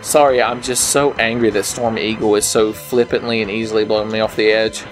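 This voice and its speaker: A young man slurring a little while drinking, giving rambling, profane commentary on a game as he plays it, swinging between low mutters and sudden yells. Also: level tone, brisk, hardly any pauses, soft background music. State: slightly drunk, slurring. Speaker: gaming video maker. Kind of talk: drunken let's play commentary. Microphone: headset.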